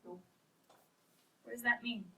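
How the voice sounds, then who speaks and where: A woman teaching precalculus talks unhurriedly in a fairly high, sharp voice with fairly even intonation. Her classroom lecture is playful and encouraging, personifying the equations. The recording has a distant mic and faint noise.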